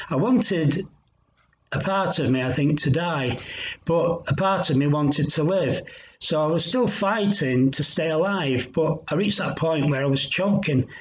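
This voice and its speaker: Earnest man telling his testimony. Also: fairly high pitch. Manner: earnest, reflective storytelling with pauses. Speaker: Christian recovery speaker. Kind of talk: personal testimony. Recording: dull lo-fi sound.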